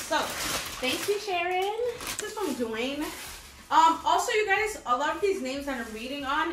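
An excitable young woman talks through her baby gifts in a chatty, upbeat vlog, often calling her viewers "mates". Her voice sits a little high. The sound carries a noticeable room echo. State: pregnant, briefly out of breath. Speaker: vlogger. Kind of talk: casual haul vlog. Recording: echoey room.

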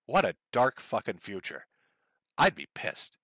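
A sardonic man live-streaming from his desk, cursing freely as he rants and reads viewer messages. His voice is bright and swings widely in pitch. The close microphone sounds dry and present. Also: wildly swooping pitch, a little slow, dry recording. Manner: profane, ranting, sardonic. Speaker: streamer reading viewer donations. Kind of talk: casual live-stream commentary.

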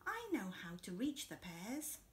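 A woman voicing an eager, bouncy and slightly greedy hare in a picture-book read-aloud, talking in an excited, chirpy way. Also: medium pitch, measured pace.

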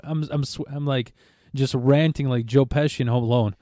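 A man's voice: mid-range voice, flat delivery, fairly quick, few pauses, warm tone, dry recording, clean studio sound. Rambling, profane storytelling man. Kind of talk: casual chat.

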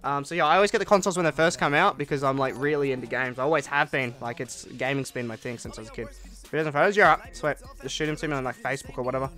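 A man's voice: mid-range voice, very fast, bright, forceful tone, faint music behind. An eighteen-year-old Australian man chatting casually on a gaming live stream, answering viewer comments in a laid-back way.

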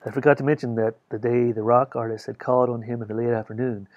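A man's voice: mid-range voice, flat delivery, fast talker, a little mellow, no room sound, muffled recording. Dry-voiced male audiobook narrator. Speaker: audiobook reader.

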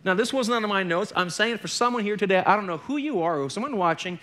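A man's voice: sits high, expressive, fast talker, fairly bright tone. A middle-aged man preaching a sermon as a pastor, candid and conversational, with joking asides. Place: church.

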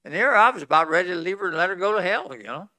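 A man preaching a revival sermon at a conference, swinging from loud pleading to hushed tones, with folksy chuckles between phrases. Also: high-pitched, expressive, very fast, dry recording, clean studio sound. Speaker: pastor. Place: conference hall.

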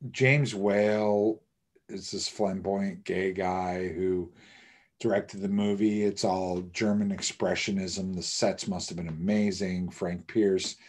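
A man co-hosting a live horror podcast, animated and joking, swearing casually. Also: on the low side. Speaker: podcast co-host.

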